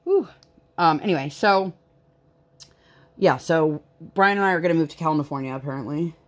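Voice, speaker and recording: Woman, thirties, lowish voice, casual rambling craft chat, lots of ums and likes. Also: normal speed. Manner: chatty, rambling with many fillers. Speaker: vlogger.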